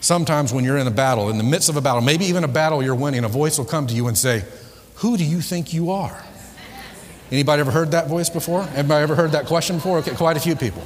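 A man's voice: on the high side, rapid-fire, few pauses. Emphatic man speaking in an echoey hall. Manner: emphatic, repetitive, quizzes the audience. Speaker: motivational speaker. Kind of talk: live motivational seminar talk with spiritual themes. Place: large hall before a live audience. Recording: echoey hall with long reverb.

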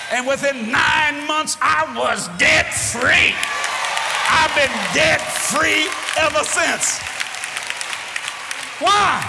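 An older man preaching a sermon, fervent and folksy, often shouting as he tells stories. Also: very high voice, drawn-out words, gravelly, pauses often, over loud music. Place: large church hall with congregation. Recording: echoey live hall recording with crowd and noise.

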